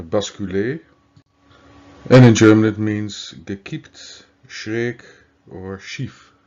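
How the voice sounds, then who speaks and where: A man, a native Dutch speaker, giving a slow, deliberate grammar lesson with occasional fillers and self-corrections. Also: on the low side, a little mellow. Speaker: language teacher. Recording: dull lo-fi recording.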